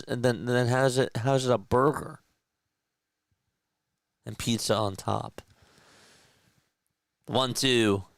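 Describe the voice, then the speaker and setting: A man with a South Jersey accent calls a ball game at an unhurried, easy pace, trading jokes with his chat between pitches. His voice sits a little low and comes through smooth and clean, with a dry, close sound. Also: dry recording. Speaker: play-by-play streamer. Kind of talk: casual play-by-play commentary.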